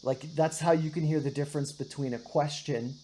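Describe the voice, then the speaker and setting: A woman's voice: low-pitched, fairly even intonation, fairly quick, dark tone, a little hiss or hum. A woman teaching a one-on-one guitar and singing lesson, patiently explaining and often checking in with "right?". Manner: patient, explains with many "right?" checks, sings short demonstrations.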